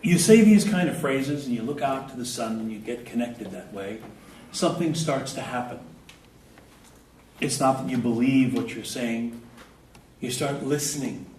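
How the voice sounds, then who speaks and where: A man in his fifties gives a guided spiritual talk, stretching short affirmations out slowly and easing into humorous personal stories. His mid-pitched voice comes from some way off the mic in an echoey hall. A faint room ambience sits underneath. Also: distant mic, slight background noise. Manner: slow, drawn-out chanting of short affirmations; relaxed, humorous storytelling. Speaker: spiritual speaker. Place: indoor event venue before a live group.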